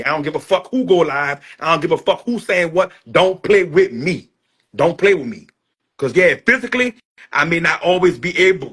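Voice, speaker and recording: Husky-voiced man in a heated rant. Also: a little high, pushed and bright. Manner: repetitive, blunt, profane. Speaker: social media personality.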